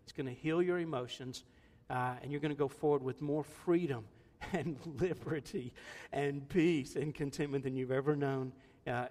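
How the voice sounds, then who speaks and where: A man's voice: on the high side, long reverb tail. A man in his sixties preaching a sermon in a conversational, joking way, laughing often. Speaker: pastor.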